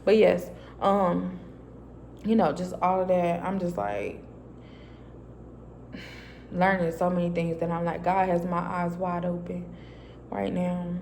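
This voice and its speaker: A woman's voice: lowish voice, takes it slowly, long pauses, a little mellow, a little hiss or hum. A woman vlogger telling a personal faith testimony in a casual, chatty way, acting out her own dialogue as she goes. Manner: casual, loose and chatty with many fillers. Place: a quiet private space.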